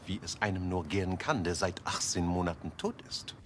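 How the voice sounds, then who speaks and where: A man's voice: low voice, fairly quick, slight background noise, close to an everyday voice. A man playing a cold, formal SS colonel. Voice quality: stiff and formal.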